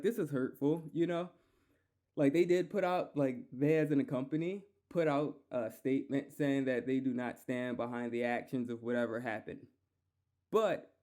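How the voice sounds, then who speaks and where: A man's voice: fairly high pitch, mellow. A man hosting a solo podcast, ranting heatedly and profanely, repeating himself. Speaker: podcast host.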